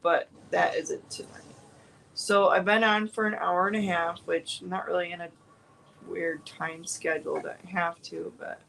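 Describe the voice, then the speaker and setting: A woman's voice: lowish voice, flat delivery, moderate pace, gravelly, a bit bright, a little hiss or hum, poor audio. A woman chatting casually on a home crafting livestream, rambling with fillers and restarts. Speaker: crafting vlogger.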